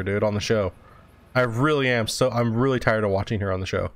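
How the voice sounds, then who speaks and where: A young man chats casually with his live-stream viewers while he plays, loose, rambling and freely profane. His voice sits at an ordinary middle pitch. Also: lively intonation, brisk. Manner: chatty, loose and profane, answering chat. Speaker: gaming streamer.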